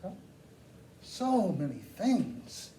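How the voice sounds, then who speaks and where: Brief: high, mellow-toned man working a room, joking and quizzing the audience; echoey hall, distant mic. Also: slow. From United States. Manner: animated, joking, asks the crowd questions. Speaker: speaker addressing a live audience. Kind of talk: lively talk with audience questions. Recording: echoey room, mic far off, faint noise.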